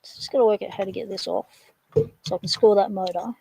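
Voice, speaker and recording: A woman's voice: medium pitch, fast, gravelly, warm tone, slightly rough, rough recording. An Australian woman hosting a casual livestream, rambling and chatting with viewers while she takes hardware apart. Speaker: livestream host.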